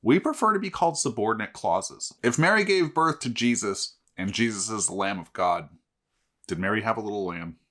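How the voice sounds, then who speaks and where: A man's voice: on the low side, animated, a little fast, a bit bright. A man voicing an overworked, offended male Christmas elf who lectures primly in a joke.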